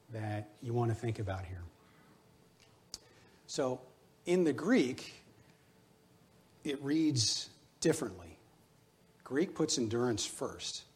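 A man's voice: mid-range voice, a little mellow. Middle-aged male pastor, earnest sermon delivery, mid-range voice, exhorting tone. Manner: earnest, exhorting, personal running anecdotes.

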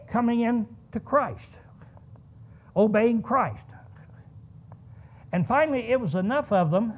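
A man preaching a sermon, telling a story and asking rhetorical questions. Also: high voice. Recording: tinny phone-like sound.

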